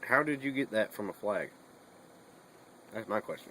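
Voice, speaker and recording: A man's voice: lowish voice, animated, moderate pace, long pauses, a bit bright, a little hiss or hum, rough recording. A young man chatting casually in a bedroom vlog, rambling and swearing a lot between fillers. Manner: rambling and profane, with many fillers.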